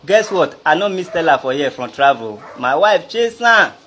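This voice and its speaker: Addressing the listener head-on, a man with a Nigerian Pidgin English accent vlogs an aggrieved, rambling, indignant story about something done to him. His voice is a little high, sing-song and bright, with a forceful tone at a normal speed. A little hiss or hum can be heard.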